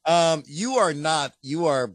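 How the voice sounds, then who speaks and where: A man's voice: fairly high pitch, expressive, takes it slowly, no echo, clean studio sound. A man who works in radio, co-hosting a podcast in playful, chuckling casual chat. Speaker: podcast co-host and radio announcer.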